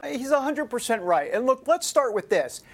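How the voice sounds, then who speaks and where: A political talk show host talks in a loose, opinionated way. He slips in jokes and asides to the audience. His voice sits at a middle pitch. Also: very animated, moderate pace.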